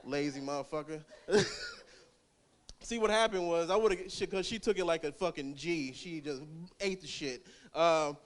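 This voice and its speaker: A man's voice: on the high side, normal speed. A young man doing rambling, crude stand-up at an open mic, laughing at his own jokes. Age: young adult. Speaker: stand-up comic.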